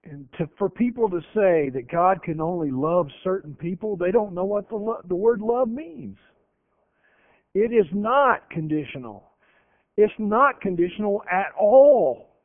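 A man delivers a radio sermon in a somewhat high voice, hitting words hard and then dropping to a near hush. He slows right down whenever he reads scripture. The sound is dry and thin, like a lo-fi broadcast. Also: animated, no room sound. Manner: emphatic, swings from loud to hushed, slows on scripture. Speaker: preacher.

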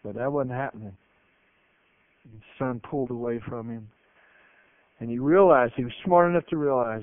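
A man's voice: medium pitch, moderate pace, pauses often, clean tone, no room sound. A man preaching a sermon, emphatic and telling stories with energy. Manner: emphatic, with animated storytelling. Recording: narrow phone-like broadcast sound, dry.

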